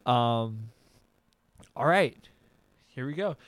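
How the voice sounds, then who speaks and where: A man's voice: medium pitch, drawn-out words, no room sound. Young guy telling a story on a podcast, acts out the voices, dry recording. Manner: animated, acts out both sides of conversations. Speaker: podcast co-host. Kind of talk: casual storytelling chat.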